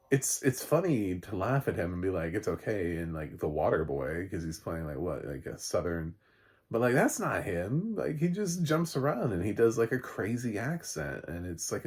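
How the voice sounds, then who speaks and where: Rambling low-voiced husky man reviewing a film. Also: a little mellow. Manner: rambling, halting, with restarts and chuckles. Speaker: movie reviewer. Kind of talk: casual spoken review.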